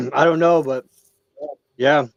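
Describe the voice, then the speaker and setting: A man's voice: fairly high pitch, fairly even intonation, slow, creaky, dry recording, lo-fi sound. A man co-hosting a casual livestream chat, easygoing and chatty. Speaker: livestream co-host.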